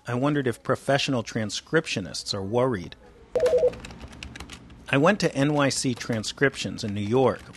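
Guy doing a radio news piece, slightly husky, easygoing and plain. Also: mid-range voice. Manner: plain conversational reporting. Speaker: radio reporter.

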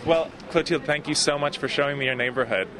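A man's voice: fairly high pitch, fast talker, crowd noise. A man reporting for radio from a food shop, asking questions in an easygoing, curious way. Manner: curious, easygoing, laughs often. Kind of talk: radio feature interview on location. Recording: noisy street-level location recording.

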